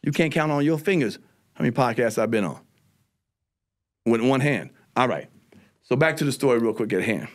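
Male comedian, podcast guest, rapid animated storytelling, heavy swearing. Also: mid-range voice. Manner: profane, animated storytelling with voiced quotes.

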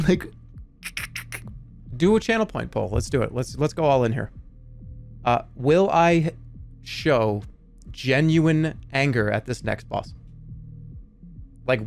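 A man streaming a video game live, narrating his play in an animated, self-mocking way with quick exclamations. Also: mid-range voice, creaky, faint music behind. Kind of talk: live gameplay commentary.

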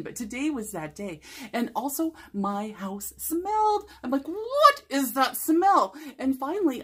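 Speaker, woman, bubbly storyteller, breathy tone, acts out quotes. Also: a little high. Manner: animated, laughing often, acting out quotes. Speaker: motivational speaker. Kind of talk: casual storytelling to camera.

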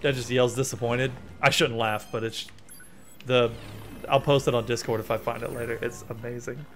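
A man streaming a video game, chatting in a rambling, excitable way as he plays. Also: medium pitch, moderate pace, slight background noise. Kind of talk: let's play commentary. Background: faint game music.

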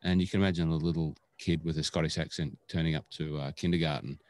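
Australian man, very low voice, chatty and rambling, dry close sound. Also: steady tone, fast talker, a little mellow, dry recording. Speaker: podcast co-host. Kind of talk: casual podcast chat.

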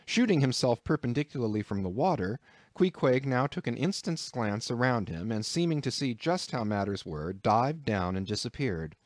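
A man reading a classic novel aloud as an audiobook narrator, measured and expressive. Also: mid-range voice, no room sound, clean studio sound.

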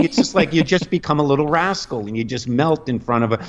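A middle-aged man, a comedian guest, telling a long rambling story on a podcast, animated and full of restarts. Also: mid-range voice, fast, few pauses. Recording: dull lo-fi podcast audio.

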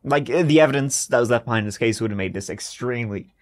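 Talking at a quick pace in a medium-pitched voice, a young adult man co-hosts a podcast and relates a true-crime tale. He's a jokey, animated storyteller, keeping it casual and riffing on his own narration.

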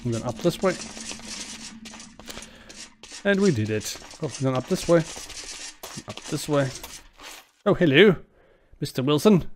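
Man, mid pitch, casual let's-play commentator, rambling and friendly with the game characters, faint hiss. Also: expressive, unhurried, pauses often. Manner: chatty, talks to game characters.

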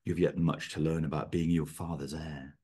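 A man's voice: extremely low pitch, level tone, normal speed, a little mellow, breathy edge. A man reading aloud, voicing a dry, scornful and jealous manservant in a spoken story.

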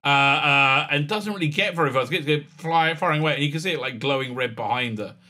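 A man casually recapping and reviewing a TV episode as a channel host, sarcastic and animated, with lots of fillers and restarts. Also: on the high side, quick pace. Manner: sarcastic and animated, with many fillers and restarts, acting out quoted lines.

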